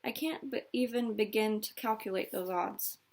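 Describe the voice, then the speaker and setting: A woman voicing a bright, bookish young girl in a storybook read-aloud, speaking gently and thoughtfully. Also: medium pitch, moderate pace, natural voice. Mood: gentle.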